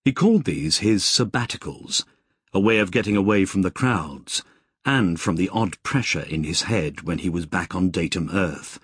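Husky, low-voiced male storyteller. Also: no echo, studio quality. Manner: expressive storytelling. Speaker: audiobook narrator. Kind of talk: scripted narration.

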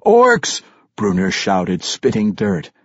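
A man narrating a fantasy audiobook with a dramatic, expressive reading. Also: mid-range voice, moderate pace, husky, no room sound, muffled recording.

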